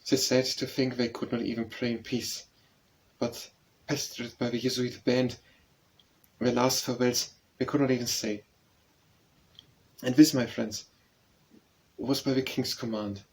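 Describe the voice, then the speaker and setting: A man reading a narrative poem aloud as an audiobook narrator, in a measured, solemn recitation. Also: medium pitch, flat delivery, rough recording.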